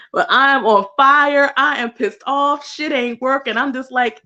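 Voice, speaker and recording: Animated, high-voiced woman energy healer. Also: slow pace, lo-fi sound. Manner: animated, laughing often, swears freely; slips into high put-on voices for quotes. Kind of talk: casual spiritual vlog talk.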